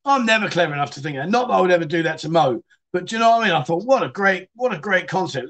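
Chatty high-voiced man telling cheeky stories. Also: big pitch swings, fast talker, few pauses, fairly bright tone. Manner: chatty, cheeky storyteller who laughs as he goes. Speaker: livestream chat show host. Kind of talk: casual livestream chat, reading out viewer stories.

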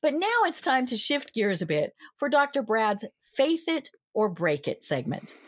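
A woman's voice: a little high, measured pace, no room sound, clean studio sound. A woman hosting a talk show who introduces segments and plays along with her co-host's jokes by asking eager questions. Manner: lively, playing along with questions. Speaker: show host. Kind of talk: casual chat.

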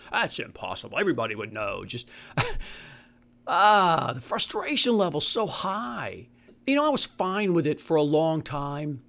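Exasperated man ranting with animated pitch. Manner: profane, exasperated, mocks opponents in put-on voices. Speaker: podcast host. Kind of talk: angry monologue rant.

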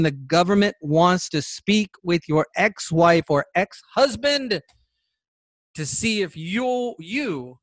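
A male podcast host delivering political commentary, alternating between reading dense legal wording and exasperated asides. His voice sits a bit higher than most men's and is recorded close on a mic in a dry, dead room. He pushes his points hard and sounds openly outraged. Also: dry recording. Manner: emphatic, indignant, reading legal text aloud.

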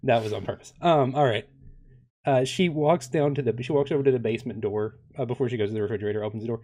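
A man's voice: mid-range voice, quick pace, mellow. Hesitant young male game master. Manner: hesitant, many ums and uhs. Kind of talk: narrating a tabletop game.

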